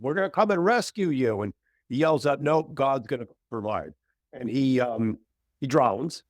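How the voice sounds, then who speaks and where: A middle-aged man, a minister guest on an interview show, telling a story thoughtfully with frequent pauses and ums. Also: low voice, darkish tone, no echo, clean studio sound. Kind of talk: conversational interview.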